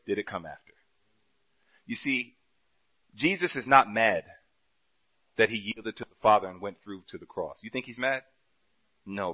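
A man preaching a sermon, telling a story with quoted dialogue and swinging between loud and soft passages. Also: fairly low pitch, dull audio.

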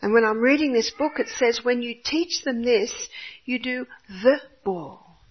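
An older woman with a husky voice tells a faith story in an earnest, expressive way. She speaks as a mother recalling her own homeschool days. The recording sounds a little muffled. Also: on the high side, a little slow. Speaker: homeschooling mother giving a talk.

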